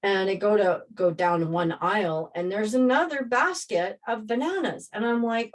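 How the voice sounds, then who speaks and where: A woman casually telling a personal story, rambling and animated as she re-enacts scenes. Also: medium pitch, normal speed, hardly any pauses.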